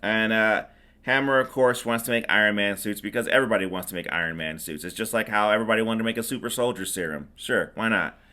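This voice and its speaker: A man's voice: fairly low pitch, quick pace, sharp tone. A middle-aged man hosting a podcast, recapping a movie in a rambling, sarcastic way with plenty of fillers. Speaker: podcast host. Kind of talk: casual movie recap chat.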